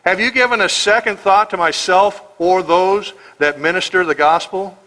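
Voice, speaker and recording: A man's voice: sits high, moderate pace, sharp tone, low-quality recording. A man with an American accent preaching a verse-by-verse sermon as pastor, emphatic and sarcastic, firing rhetorical questions. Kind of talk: expository sermon.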